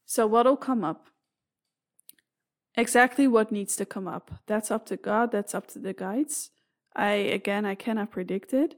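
Woman podcast host, mid-pitched, earnest and unscripted, drifting thoughts, frequent "um"s. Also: measured pace. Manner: earnest, meandering, with frequent fillers and restarts. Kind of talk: solo podcast monologue.

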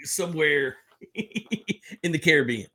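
A man's voice: a little high, a little slow, pushed and bright. A man co-hosting a casual podcast, telling anecdotes with a laugh. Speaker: podcast co-host. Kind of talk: casual chat.

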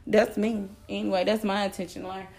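A woman's voice: medium pitch, level tone, fairly quick, very noisy. A woman co-hosting a podcast, talking in an earnest, reflective, slangy way. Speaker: podcast co-host. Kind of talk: casual podcast chat.

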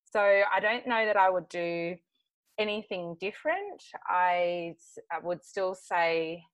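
An Australian woman who works as a hair colorist appears as a guest on a casual podcast interview, chatting in an upbeat, talkative way. Her voice is on the low side with lively intonation, she speaks slowly, and there's no echo.

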